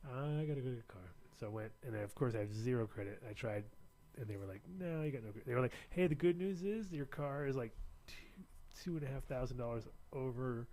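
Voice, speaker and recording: Casual American male host, mid pitch, gravelly texture, loose rambling delivery. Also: a little mellow. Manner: rambling storyteller, quick to laugh. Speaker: show host. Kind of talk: casual chat.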